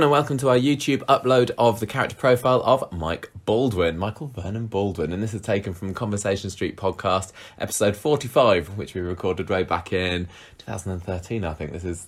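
Man, podcast co-host, easygoing, very deep voice, hesitant fillers. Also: a little fast, few pauses. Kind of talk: casual podcast chat.

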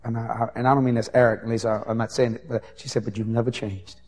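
A man preaching a sermon as an evangelist, telling folksy anecdotes in an animated way. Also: medium pitch, very fast. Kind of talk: sermon storytelling.

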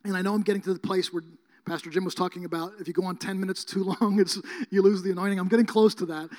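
Male preacher, high voice, rambling casual storytelling, lots of fillers, bursts of emphasis. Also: fairly even intonation, fast talker. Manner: emphatic, rises to near shouting at times. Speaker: guest preacher. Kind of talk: sermon.

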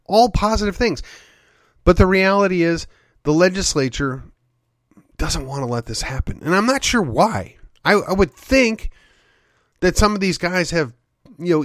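A man's voice: high voice, animated, unhurried, no room sound, clean studio sound. A man hosting a show, delivering an opinionated monologue full of rhetorical questions and needling sarcasm. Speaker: podcast host.

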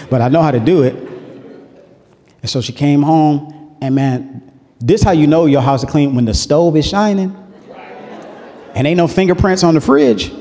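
A man's voice: medium pitch, dark tone, in a large hall. A man pastor preaching a sermon in a loose, conversational way, calling on the congregation to answer back. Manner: conversational preaching with call-and-response.

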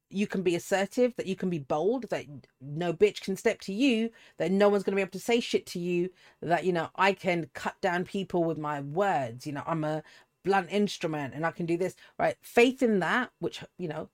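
A woman, giving a casual, rambling tarot reading full of asides and restarts. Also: medium pitch. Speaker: tarot reader.

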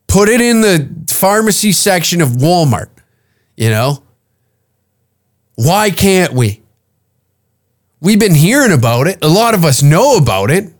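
Profane rambling man in his fifties. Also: on the high side. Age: 50s. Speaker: podcast host. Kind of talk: comedic podcast rant.

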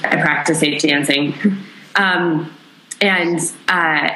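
A young woman tells a painful personal story as an interview guest, pausing often and searching for words. Her voice sits low yet comes across bright and forceful. The room adds a noticeable echo, with faint ambience behind her. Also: steady tone, slight background noise. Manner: emotional, halting, many pauses and fillers. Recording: roomy echo.

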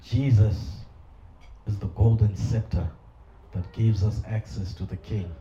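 A man's voice: fairly low pitch, steady tone, measured pace, mellow, slight background noise. A middle-aged male pastor preaching a sermon with passion and humorous asides. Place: church hall. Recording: echoey hall, dull sound, congregation audible.

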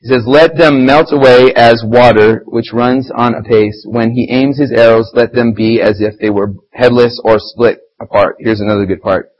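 Husky man preaching a casual sermon. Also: medium pitch, moderate pace, hardly any pauses, highs cut off. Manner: animated, conversational, grows heated when describing fighting Satan. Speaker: church lay preacher. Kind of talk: informal sermon with scripture reading.

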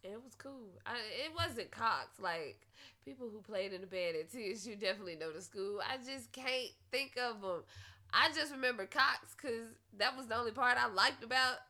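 A woman's voice: fairly high pitch, moderate pace, sharp tone. A woman author as a podcast guest, bubbly and blunt, laughing as she chats. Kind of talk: casual chat.

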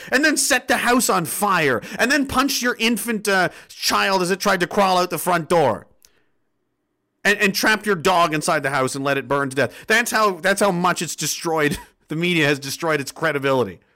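A man from Nova Scotia hosting a livestream, ranting sarcastically and reading viewer comments aloud. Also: high-pitched. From Nova Scotia, Canada. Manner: sarcastic, animated, swears, laughs often. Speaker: livestream host reading chat.

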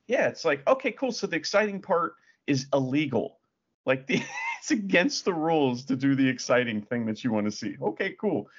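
A man's voice: mid-range voice, animated, moderate pace, highs cut off. A man co-hosting a podcast, chatting casually and joking profanely as he reads facts aloud with sarcastic asides. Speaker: podcast co-host. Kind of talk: casual chat.

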